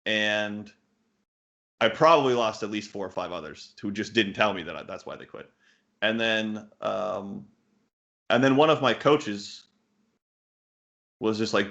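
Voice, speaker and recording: A man's voice: lowish voice, moderate pace, pauses often, bright, forceful tone. A man in his thirties, a poker coach, answering interview questions bluntly, swearing casually and full of fillers and restarts. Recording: muffled lo-fi audio.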